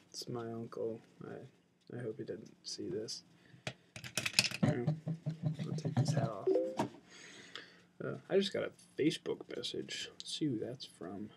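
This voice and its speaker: Slow, mumbling young guy vlogging. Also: lowish voice, creaky, a little mellow, slightly rough. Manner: rambling, mumbling, full of fillers. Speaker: video blogger. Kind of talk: casual webcam vlog.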